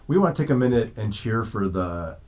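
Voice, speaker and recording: A man's voice: on the low side, sing-song, a little fast, darkish tone. A man co-hosting a morning radio show, joking and bantering in the studio. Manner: joking, does playful put-on accents. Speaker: radio co-host. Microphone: studio mic.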